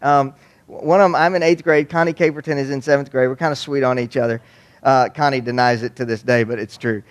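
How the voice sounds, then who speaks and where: Speaking a little fast at medium pitch, this Waco, Texas man gives an audience a funny storytelling talk on youth ministry. He comes across as folksy, jokey and animated.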